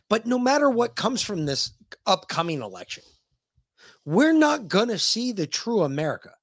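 A man's voice: high-pitched, a bit bright, no room sound, studio quality. A man co-hosting a podcast, ranting about politics in a heated, mocking, profane way. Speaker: podcast co-host. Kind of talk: casual political rant.

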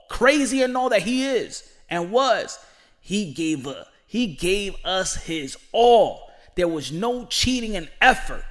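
Male boxing commentator with a high-pitched voice, emphatic and repetitive, speaking straight to a fighter.

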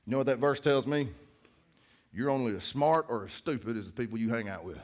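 A man's voice: mid-range voice, fairly quick, a little mellow. Joking middle-aged male pastor. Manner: casual, joking storyteller. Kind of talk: sermon. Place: church.

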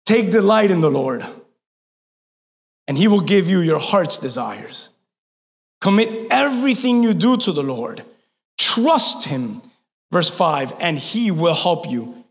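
A male pastor preaching a sermon, fervent, building to shouts and then easing down with self-mocking asides. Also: sits high, big pitch swings, takes it slowly, pauses often. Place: church hall. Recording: long reverb of a large hall.

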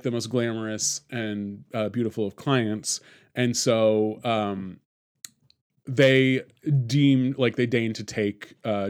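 A man's voice: medium pitch, a little mellow. A man hosting a casual film discussion podcast, rambling with fillers and restarts and laughing often. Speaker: podcast host.

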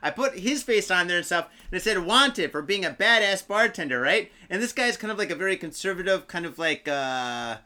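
A man's voice: sits high, animated, brisk, few pauses, pushed and bright. A young man co-hosting a podcast, telling a story in casual, profane, laughing banter. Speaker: podcast co-host.

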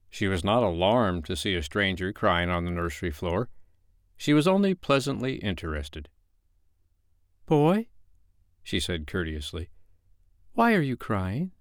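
A man narrating a classic children's novel as a bedtime story, reading in an expressive, measured way. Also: sits low, smooth, no echo, clean studio sound.

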